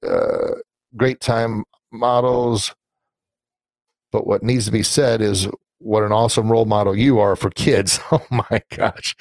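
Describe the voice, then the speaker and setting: A man's voice: lowish voice, darkish tone, no room sound. A middle-aged man hosting a live-streamed podcast, talking earnestly and sentimentally, rambling with many fillers and restarts. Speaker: podcast host and anti-bullying coach.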